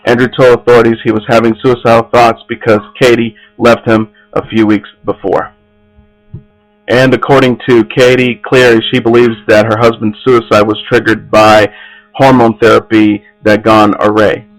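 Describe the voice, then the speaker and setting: A man's voice: mid-range voice, flat delivery, normal speed, soft background music, poor audio. A man hosting an entertainment news podcast, reading stories aloud with frequent slips and restarts.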